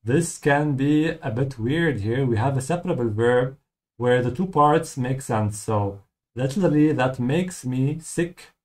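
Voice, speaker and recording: A man's voice: mid-range voice, darkish tone. Male language teacher, patient, explanatory, playthrough lesson. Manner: patient, explanatory, repeats words slowly.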